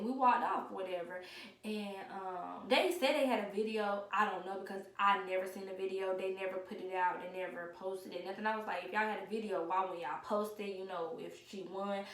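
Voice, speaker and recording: Young woman, animated storytime, bright voice, echoey room. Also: mid-range voice, far from the mic. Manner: animated, acts out quoted voices loudly. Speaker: vlogger. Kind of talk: casual storytime. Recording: echoey room, away from the mic, faint noise.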